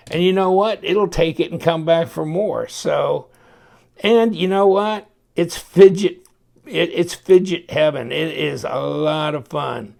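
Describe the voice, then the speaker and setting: Man, knife reviewer, gravelly voice, slightly high pitch, folksy and chatty while tinkering. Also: a little slow, a little mellow. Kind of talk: casual hands-on review.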